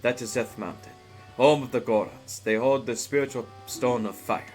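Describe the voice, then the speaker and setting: A man voicing a huge, stern female warrior guardian from a video game, reading her lines in a low, hushed, solemn way with a slight put-on Russian accent. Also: fairly even intonation, moderate pace, faint music behind, natural voice. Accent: slight put-on Russian tint. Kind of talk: reading game dialogue aloud.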